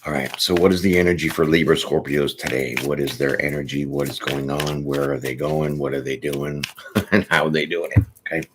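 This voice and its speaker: A man's voice: rumbling low, steady tone, a little fast, noisy background. A man doing a casual, chatty tarot reading, joking and laughing often as he goes through the cards. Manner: chatty, laughs often, jokes and acts out little bits. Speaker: tarot reader.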